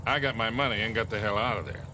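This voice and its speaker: A man's voice: lowish voice, steady tone, fast, background noise, lightly acted. An actor playing an older male smuggler with a dry, clipped manner in video game cutscene dialogue.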